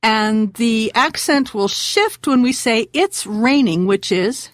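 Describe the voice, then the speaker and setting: A woman hosting a radio language lesson, patiently slowing down and repeating words. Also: on the high side, lively intonation, no room sound, clean studio sound.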